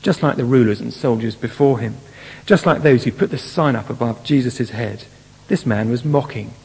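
A man's voice: medium pitch, moderate pace, gravelly, a little mellow, slightly rough. A man preaching a sermon, working through a Bible passage and putting rhetorical questions to his congregation. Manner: acts out mocking voices in quotes. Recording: long hall reverb.

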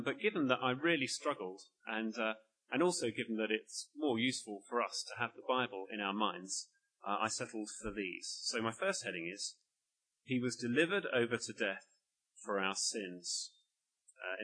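A male preacher delivers an earnest sermon at a church service, explaining each point with emphasis. His voice is husky yet bright and forceful, and his pitch rises and falls in a lively way. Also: rough recording.

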